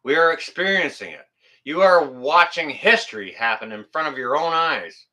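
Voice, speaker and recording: A man's voice: on the high side, expressive, moderate pace, sharp tone. A man hosting a casual livestream, chatting with viewers and rambling with lots of fillers and jokes. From Canada. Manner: rambling and joking with frequent fillers. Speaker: livestream host reading chat.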